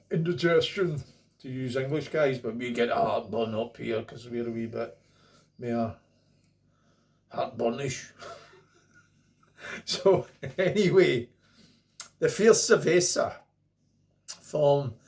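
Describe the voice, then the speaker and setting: A man's voice: medium pitch, a little mellow. A middle-aged man with a Scottish accent talks his way through a beer review to camera. He is chatty and rambling, tossing in jokey asides as he goes. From Scotland. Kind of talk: casual beer review monologue.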